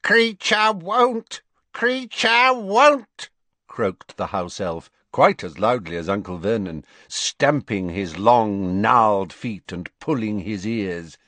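A man narrating an audiobook in an expressive storytelling manner. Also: deep voice, slow, hardly any pauses, no room sound. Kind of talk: scripted narration.

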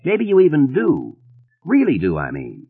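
A bored small-town deputy drawls in a relaxed New England accent, as a male narrator voices him. His delivery is unhurried and comfortable, with a husky edge and a lively lilt, heard through a thin, phone-like band. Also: mid-range voice, voice pushed up.

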